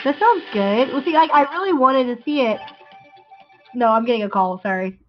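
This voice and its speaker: A woman's voice: a little high, big pitch swings, normal speed, over music. A young woman co-hosting a podcast, telling a rambling story with restarts and frequent laughter. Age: young adult. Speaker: podcast co-host. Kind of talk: casual chat. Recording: dull lo-fi sound.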